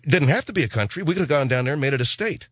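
A man's voice: a little high, expressive, rapid-fire, slightly rough, no room sound. A man hosting a talk radio show, riffing in a rambling comic rant full of hip slang.

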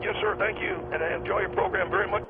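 A man's voice: sits high, steady tone, fast talker. A man calling a radio show from work, who talks in a stammering, defensive way. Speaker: caller. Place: at work in a loud mill. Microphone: phone. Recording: tinny phone line with loud mill noise.

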